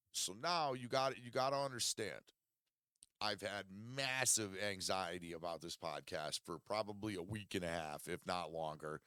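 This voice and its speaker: A man's voice: lowish voice, moderate pace, fairly bright tone, smooth, dry recording, studio quality. A man hosting a podcast from his basement, telling a rambling, profanity-heavy story in casual chat. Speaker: podcast host. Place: home basement studio.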